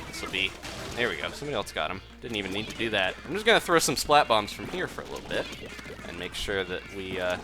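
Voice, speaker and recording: A young man streams a game live with easy, chatty commentary, often laughing and reading out the chat. His voice sits on the low side. Game music plays clearly behind him.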